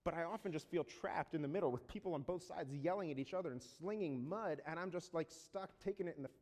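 A man delivering a sermon in a somewhat high voice, his words ringing through the long reverb of a large hall. He keeps it conversational, tossing out rhetorical questions to the congregation, and he slows right down when he reads scripture aloud. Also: darkish tone. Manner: reads scripture slowly and deliberately. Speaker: pastor.

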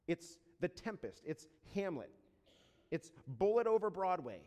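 A man delivering a sermon in a somewhat high voice, his words ringing through the long reverb of a large hall. He keeps it conversational, tossing out rhetorical questions to the congregation, and he slows right down when he reads scripture aloud. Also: sing-song, mellow, muffled recording. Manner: reads scripture slowly and deliberately. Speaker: pastor.

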